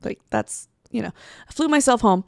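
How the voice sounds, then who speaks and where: A young woman in her twenties, co-hosting a casual chat and telling a profane, animated story with acted-out quotes. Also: on the high side, moderate pace, gravelly, no room sound, studio quality. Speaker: co-host.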